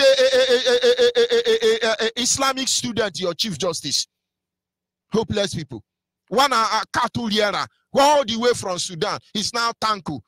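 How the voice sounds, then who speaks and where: Nigerian guy ranting on live radio, high bright voice, dry close sound, mocking and scornful. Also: no echo. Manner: fiery, scornful, mocking, switches into Igbo phrases. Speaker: radio broadcaster. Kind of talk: impassioned live radio monologue.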